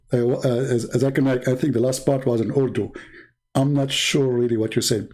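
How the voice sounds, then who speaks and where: A man hosting a comic sketch, asking deadpan questions in a dry, hesitant way. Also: medium pitch, a little fast, vocal fry, breathy edge, low-quality recording. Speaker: host.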